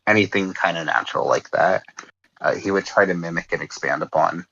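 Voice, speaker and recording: A man's voice: sits low, a little fast, creaky, bright, forceful tone, breathy edge, lo-fi sound. An American man chatting casually on a livestream, rambling with lots of "like" and restarts. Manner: rambling, heavy use of "like" and restarts.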